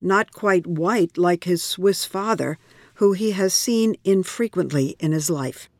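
Guy narrating a news feature, fairly high voice, measured and clear. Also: dry recording, studio quality. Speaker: correspondent, narrator.

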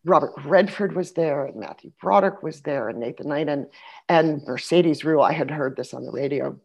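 Low-voiced woman telling a lively story. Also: normal speed, vocal fry. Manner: animated storyteller, laughs, restarts. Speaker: guest. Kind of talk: casual conversation.

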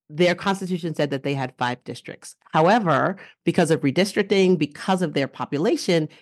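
Low-voiced woman hosting a chatty podcast, animated, dry close sound. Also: no echo. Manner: animated, laughs often. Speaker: podcast host. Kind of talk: casual podcast chat.

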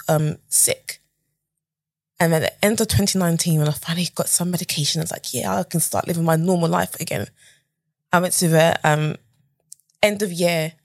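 Husky woman telling a lively story. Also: no echo. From United Kingdom. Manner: animated storyteller, acts out quotes with big pitch jumps and whispers. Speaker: podcast guest. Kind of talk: casual storytelling interview.

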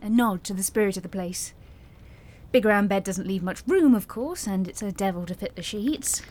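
A woman's voice: mid-range voice, darkish tone, slight background noise, natural voice. A woman playing a chatty, fussy host who shows a friend around her lighthouse in a radio drama. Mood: proud. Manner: quick, fussy and rambling.

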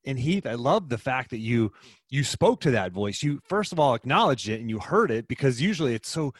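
A man's voice: medium pitch, very animated, fairly quick, slightly rough, no room sound. A man hosting a podcast, encouraging his guest and speaking directly to listeners. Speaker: podcast host. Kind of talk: interview chat.

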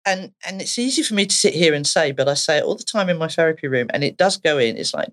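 Speaking fast with few pauses in a low-sitting voice, an Essex-accented therapist guesting on a podcast tells lively stories. She frequently laughs and performs the voices of the people involved.

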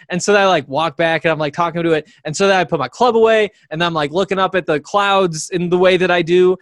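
A man's voice: fairly high pitch, quick pace, hardly any pauses, a bit bright, dry recording, studio quality. A man in his twenties co-hosting a sports podcast in casual chat, rambling through stories with lots of fillers. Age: 20s. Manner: rambling storyteller, many fillers.

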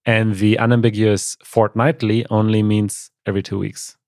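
A man's voice: on the low side, little pitch movement, normal speed, darkish tone, no echo. A man co-hosting a podcast in casual chat, precise and explanatory with dry humor. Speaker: podcast co-host.

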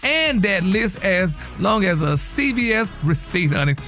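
Brief: campy male gossip host, played by a man, high-pitched, sassy drawl over faint music. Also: big pitch swings, unhurried, pushed and bright, full character voice. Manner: sassy, peppers every phrase with honey and y'all. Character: flamboyant gossipy male celebrity news reporter. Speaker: gossip segment presenter. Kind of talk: comedic radio character bit.

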